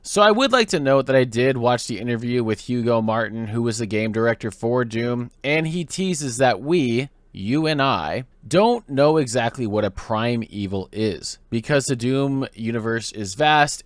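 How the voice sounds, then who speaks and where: A man's voice: mid-range voice, animated, normal speed, few pauses, dry recording. A man hosting a gaming lore video essay, explaining in a conversational way. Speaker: host.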